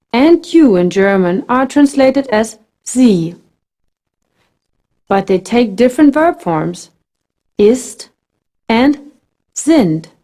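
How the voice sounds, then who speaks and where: A woman narrating a scripted language lesson, modelling phrases slowly with careful enunciation. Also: a little high, warm tone. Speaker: language teacher.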